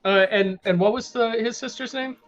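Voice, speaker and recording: A man playing a tabletop game in a chatty, animated way. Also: very high-pitched, normal speed, highs cut off. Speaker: player. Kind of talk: casual tabletop play.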